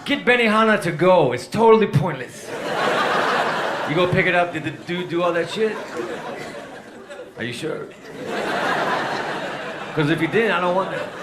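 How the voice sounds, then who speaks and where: Deadpan stand-up man, high voice. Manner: deadpan one-liners, slow drawling delivery. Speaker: stand-up comedian. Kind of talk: stand-up comedy set. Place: comedy club stage before a live audience. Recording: roomy live club recording, crowd noise.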